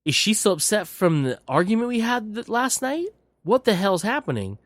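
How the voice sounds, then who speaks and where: A man's voice: high-pitched, big pitch swings, moderate pace, no echo, studio quality, pitched above the performer's own voice. A man voicing an exasperated young man who swears and talks in slang. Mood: baffled.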